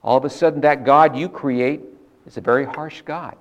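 A man preaching a sermon in an earnest, measured teaching manner, stressing key words with repetition. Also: mid-range voice, fairly even intonation, highs cut off.

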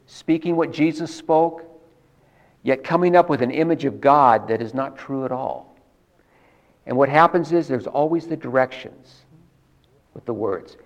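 A man preaching a sermon in an earnest, measured teaching manner, stressing key words with repetition. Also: medium pitch.

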